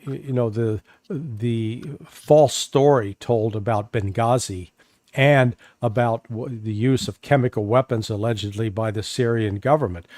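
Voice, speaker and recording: A man's voice: mid-range voice, a little mellow, no room sound. A man gives political commentary as a guest on an interview show. He talks emphatically and often restarts with repeated words. His voice sits in a middle register and the sound is dry and close. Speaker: guest analyst.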